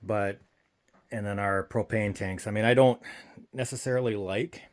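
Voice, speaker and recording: Low-voiced man rambling through a build. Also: steady tone, normal speed. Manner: rambling, thinks aloud with fillers. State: a little winded. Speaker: homesteading channel host. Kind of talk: casual DIY walkthrough. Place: woodshed under construction, outdoors.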